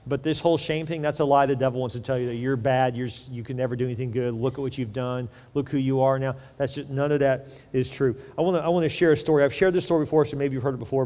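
A man's voice: mid-range voice, darkish tone, in a large hall. A man preaching a sermon, telling a story in a loose, conversational way. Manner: conversational storytelling, repeats words. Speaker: pastor.

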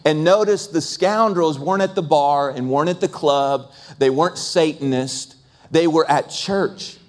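A man's voice: a little high, measured pace. A male pastor preaching a sermon in an emphatic voice, piling up repeated phrases. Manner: emphatic, repetitive lists.

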